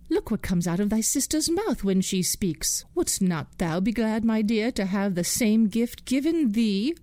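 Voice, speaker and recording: A woman's voice: mid-range voice, mellow, dry recording, lightly acted. A woman voicing a vain, harsh mother who exclaims and gives orders in a storybook tale. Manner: exclaiming and demanding.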